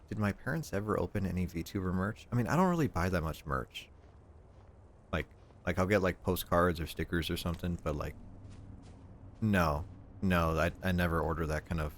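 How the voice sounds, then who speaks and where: A young man with a deep voice streams and chats casually, with a little hiss or hum in the audio. He rambles, repeats his words as he goes, and quotes his family in voices.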